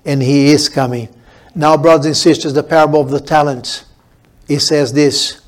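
A man delivers a sermon from the pulpit, his voice pitched a little higher than most men's. He preaches emphatically, repeating words and building each point up. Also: steady tone, moderate pace. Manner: emphatic preaching with repetition and rhetorical build-ups. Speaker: pastor.

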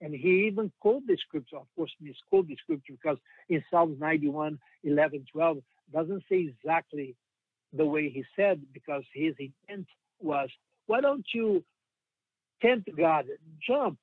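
A man's voice: fairly high pitch, no room sound. Earnest male preacher with tinny, phone-like sound. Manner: earnest, emphatic, slows on quoted scripture. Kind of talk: sermon.

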